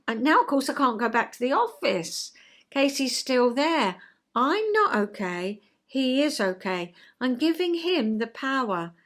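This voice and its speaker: A woman's voice: sits high, big pitch swings, a little slow. Chatty woman in her sixties. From England. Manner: gentle, chatty, acts out little scenes with sighs of "oh dear". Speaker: vlog host, retired counsellor. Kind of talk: chatty explanatory monologue.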